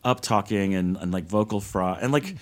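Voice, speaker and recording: A man's voice: lowish voice, normal speed. A man who is a guest on a podcast, chatting playfully and laughing often. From Athens, Georgia. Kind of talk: casual chat.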